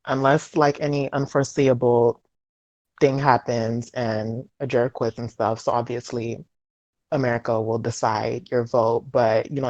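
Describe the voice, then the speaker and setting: Woman host, unusually deep voice, relaxed interviewer, dry close voice-call audio. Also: no echo, dull audio. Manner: easygoing, laughs along with guest. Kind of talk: interviewer on a voice chat. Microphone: online voice call.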